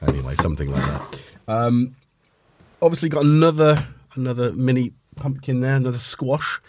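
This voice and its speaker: A man from North Wales, speaking with a North Welsh accent, hosts a casual livestream. His voice is mid-range at a normal speed as he rambles along and reads out the names of viewers.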